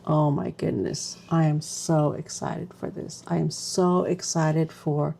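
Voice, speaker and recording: A woman's voice: low voice, little pitch movement, takes it slowly, gravelly, few pauses, warm tone. A woman vlogger chatting casually through a stationery unboxing, gushing and exclaiming as she goes.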